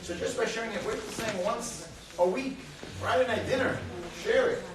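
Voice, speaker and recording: A man speaking as a guest at a parenting talk, telling a lively personal story to a live audience and acting out the voices in it. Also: high voice, moderate pace. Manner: animated, laughing, acts out voices in his stories. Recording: echoey hall, far mic, crowd noise.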